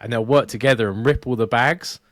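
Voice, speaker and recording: A man's voice: mid-range voice, brisk, dry recording. Sweary man with a dry close sound. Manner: animated, sweary retelling of clips. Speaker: podcast co-host. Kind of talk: casual chat.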